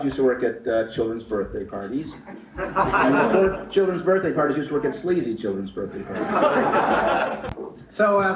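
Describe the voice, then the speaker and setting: Animated stand-up comic on old tape. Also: male voice, high-pitched. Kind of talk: live stand-up comedy with crowd work. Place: comedy club stage before a laughing audience. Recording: lo-fi 1980s live tape, roomy club, loud hiss.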